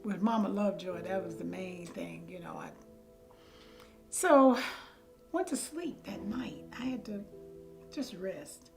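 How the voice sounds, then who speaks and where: A woman's voice: mid-range voice, lively intonation, a little slow, gravelly, pauses often. An older woman telling a personal story with animation, raising her voice to act out the people she quotes. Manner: acts out quoted people in a raised voice. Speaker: storyteller guest. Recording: music playing underneath.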